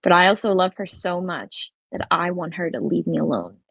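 A woman's voice: lowish voice, animated, moderate pace, gravelly, no room sound, dull audio. A woman in her thirties co-hosting a podcast, wry and self-deprecating, often restarting her sentences. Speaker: podcast co-host. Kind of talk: casual chat.

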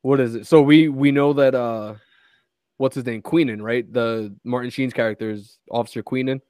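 A man's voice: mid-range voice, fairly even intonation, moderate pace, darkish tone, clean tone, dry recording. A man co-hosting a podcast, chatting casually about a movie, swearing a lot, acting out quotes and laughing often. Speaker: podcast co-host.

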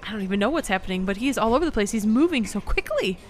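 A woman's voice: a little high, lively intonation, very fast, a little hiss or hum. A woman doing improvised comedy role-play, sarcastic and brash with trash talk. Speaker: comedy podcast cast member playing an announcer.

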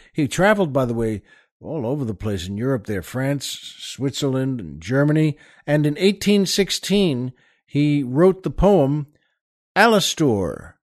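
A man's voice: a little high, a little mellow, dry recording, clean studio sound. A man hosting a comedy podcast, telling a joke in a rambling, folksy way with many hesitations. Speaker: podcast host. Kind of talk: comic storytelling and joke telling.

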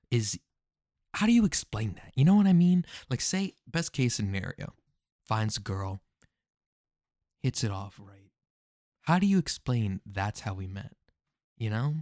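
Male commentary host with a very lively voice, dry close recording, casual, slangy and full of rhetorical questions. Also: mid-range voice, dry recording.

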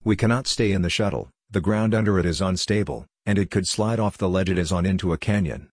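A man voicing a calm android woman. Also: low voice, fast, dry recording, studio quality. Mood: instructive. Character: calm female android rescuer, matter-of-fact.

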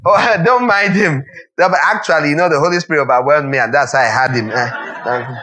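A man's voice: on the high side, fairly quick, sharp tone, poor audio. A male pastor preaching a sermon, emphatic and repetitive, with rhetorical questions and humorous asides.

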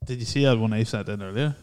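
A man's voice: fairly low pitch, brisk, darkish tone, smooth. A man co-hosting a podcast, teasing his partner with blunt, crude jokes. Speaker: podcast co-host. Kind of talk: casual podcast chat.

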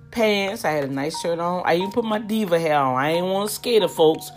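A woman's voice: lowish voice, animated, moderate pace, soft background music. A woman telling a story casually. She is chatty, talks straight to her listeners and acts out what other people said. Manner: chatty, addresses listeners as "y'all".

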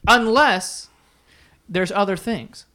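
A man's voice: high-pitched, slow pace, bright, forceful tone. A man co-hosting a podcast, chatting casually, joking and swearing a lot. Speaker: podcast co-host. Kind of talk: casual chat.

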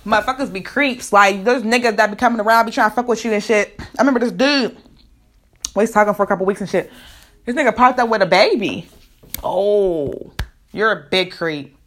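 A woman's voice: on the high side, quick pace, fairly bright tone. A woman, ranting bluntly to camera, profane and emphatic with repeated rhetorical questions.

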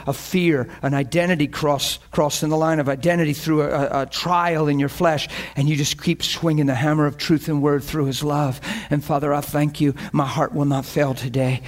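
A man preaching a sermon with impassioned, climbing delivery, acting out his own inner voice and building to near shouts. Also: fairly high pitch.

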